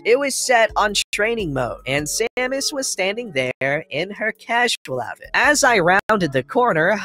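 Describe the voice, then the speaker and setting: A man's voice: high voice, sharp tone, no echo. A man narrating a first-person anecdote with a wry, comically exaggerated delivery. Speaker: storyteller.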